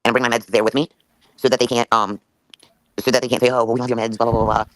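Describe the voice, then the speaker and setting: A woman's voice: a bass voice, little pitch movement, no room sound. A woman talking as a guest on a livestream, emotional and swearing freely in heated conversation. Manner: rapid, profane and emotional.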